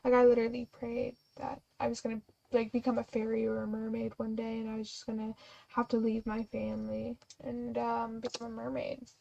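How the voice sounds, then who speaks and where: A woman's voice: fairly high pitch, monotone, brisk, creaky, mellow, lo-fi sound, a little hiss or hum. Giggly young woman streamer. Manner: giggly, chatty, self-interrupting. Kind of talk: reading a story game aloud with chatty asides.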